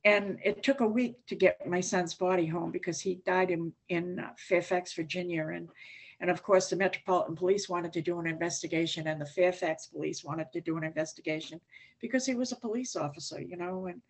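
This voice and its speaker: An older woman with a fairly low voice shares her story with a meeting. She talks plainly and candidly. Now and then a dry joke slips in. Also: steady tone, a little fast, slightly rough. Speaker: AA speaker. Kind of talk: recovery share.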